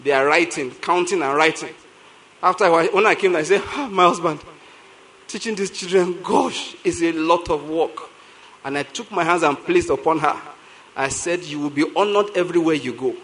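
A middle-aged Nigerian man with a Nigerian English accent, a pastor preaching a sermon in an animated storytelling way, repeating lines for emphasis. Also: on the high side, moderate pace, slight background noise, poor audio.

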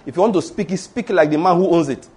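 A middle-aged Nigerian pastor with a Yoruba accent, preaching in an animated storytelling way and acting out conversations. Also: male voice, sits high, quick pace, slightly rough. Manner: animated storytelling, acts out dialogue, rhetorical questions. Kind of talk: sermon.

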